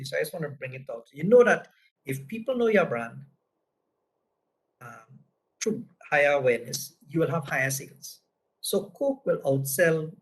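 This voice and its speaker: A Trinidadian man whose voice sits on the high side gives a business lesson, captured in a low-quality recording. He tells casual anecdotes conversationally and keeps punctuating his points with "right?"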